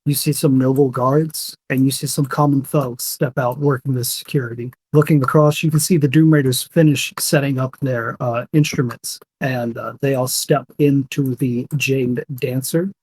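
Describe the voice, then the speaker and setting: Young man, game master, casual narration, husky voice. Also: mid-range voice, steady tone, moderate pace, few pauses, darkish tone. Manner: casual, descriptive, fillers.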